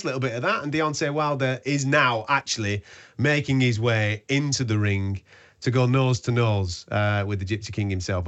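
A man's voice: mid-range voice, fairly bright tone. A man hosting a live boxing radio show, chatting and joking with his co-hosts. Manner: chatty, jokey, bantering with co-hosts. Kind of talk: live sports radio talk.

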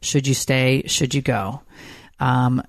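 A woman's voice: very deep voice, fairly even intonation, slow pace, no room sound, clean studio sound. A middle-aged woman hosting a podcast, chatting casually and teasing her co-host, with lots of fillers.

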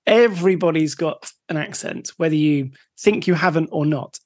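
A man's voice: fairly high pitch, moderate pace, a little mellow. A man from the West of England near Bristol with a West Country accent, co-hosting a podcast, easygoing, laughing often and explaining the topic. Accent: West Country English. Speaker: podcast co-host. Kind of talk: casual podcast chat.

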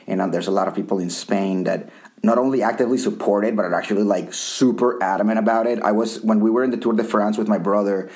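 Low-voiced man rambling in casual chat. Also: fairly even intonation, quick pace, a little mellow. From Colombia. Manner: rambling, restarts often, swears casually. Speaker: podcast co-host.

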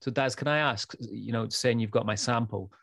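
A man's voice: medium pitch, moderate pace, creaky, a bit bright, no room sound. Male podcast co-host, chatty, stumbles over repeats, dry sound. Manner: chatty, repeats words when thinking. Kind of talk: casual chat.

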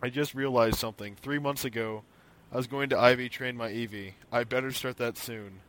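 A man's voice: medium pitch, steady tone, fairly quick, fairly bright tone. A young man co-hosting a podcast in casual chat, reading listener emails aloud with opinionated asides.

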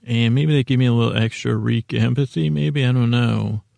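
A man's voice: mid-range voice, fairly even intonation, moderate pace, vocal fry, dark tone, dry recording. A man hosting a podcast, recapping an episode in a casual, rambling way from his notes, often breaking off and restarting. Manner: rambling, self-interrupting, reading from notes. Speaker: podcast host.

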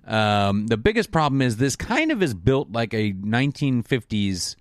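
Man, casual movie chat, lively pitch, mocking put-on voices, dry sound. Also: normal speed, dry recording. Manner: animated, mocks characters in silly voices.

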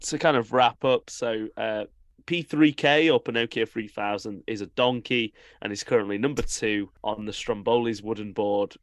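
A man's voice: on the low side, moderate pace, dry recording. A young man chatting with friends on a podcast, laughing often and working out numbers aloud. The recording is dry and close, with no room sound. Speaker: podcast co-host. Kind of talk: casual chat.

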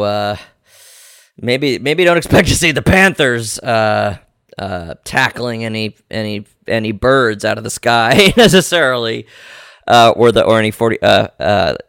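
A young man hosts a casual solo sports podcast, chatting loosely and breaking off his own sentences. His voice sits in a middle pitch, and the sound is dry and close. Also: creaky, fairly bright tone, clean tone, no room sound. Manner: rambling, self-interrupting, chatty. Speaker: podcast host.

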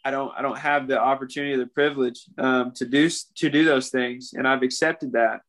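Earnest young man, flat delivery. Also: mid-range voice, a little fast. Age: young adult. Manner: earnest, emotional, calls people "man". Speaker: guest. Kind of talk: candid interview talk.

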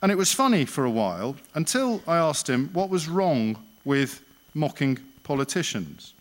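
A man giving a public talk at an evening event, sardonic and emphatic, firing rhetorical questions and slowing down for his punchlines. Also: fairly high pitch, big pitch swings. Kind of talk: public speech with anecdote.

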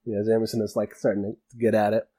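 A man's voice: fairly low pitch, flat delivery, fast talker, warm tone, husky. A man narrating as game master for a tabletop role-playing game, talking casually with many fillers and restarts.

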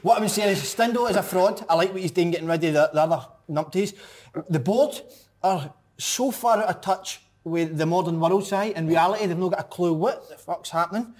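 A Scottish man with a fairly high voice rants in a lively, half-joking way, laughing as he goes. He talks casually, the way people talk football with friends. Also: a little fast. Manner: animated, ranting, laughing. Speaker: podcast guest pundit.

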